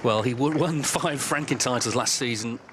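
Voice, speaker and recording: A lead commentator calls the action in a smooth, polished broadcast style. He has a mid-range man's voice. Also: medium pitch, moderate pace, noisy background. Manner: polished, narrating the match flow. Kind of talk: live sports commentary.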